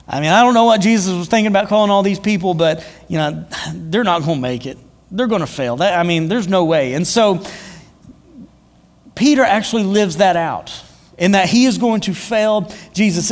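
A male preacher telling a story in a casual, conversational sermon, full of fillers and repeated words. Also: high voice. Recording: long hall reverb.

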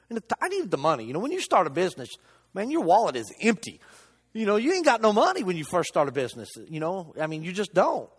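Animated preacher man in an echoey hall. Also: a little high, fast, husky. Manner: animated storytelling, acts out quotes. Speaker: lay preacher. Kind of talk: sermon. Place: church.

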